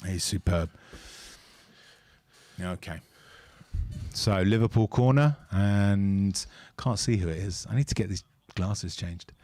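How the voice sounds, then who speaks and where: A man's voice: low-pitched, takes it slowly, long pauses, mellow, dry recording. A man co-hosting a fan channel's live match watch-along, chatting and offering opinionated analysis into a close mic.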